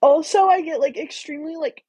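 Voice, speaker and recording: A woman's voice: high voice, fairly quick, dark tone, no room sound, low-quality recording. A young woman with a general American accent, hosting a casual book club livestream, rambling and swearing freely with lots of fillers. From American Midwest.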